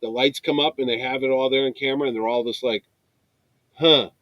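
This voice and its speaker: A man's voice: medium pitch, steady tone, fast, dry recording, dull audio. A man co-hosting a casual film chat who retells stories with animation and acts out the quotes. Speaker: podcast co-host.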